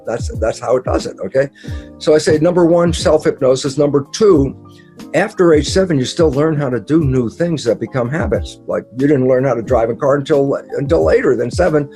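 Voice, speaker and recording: Male interview guest with a mellow, mid-pitched voice. Lively storyteller who acts out his own quotes, over faint background music. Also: fairly quick. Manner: emphatic and repetitive, with occasional laughs and mild swearing. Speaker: guest speaker, biologist. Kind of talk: conversational explanation in an interview.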